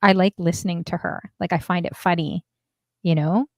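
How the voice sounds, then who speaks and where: A woman co-hosting a casual dating talk stream, chatting and telling stories in an animated way. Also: fairly low pitch, normal speed, no echo, studio quality. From half Indian. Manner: chatty, animated storytelling with laughs. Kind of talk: casual chat.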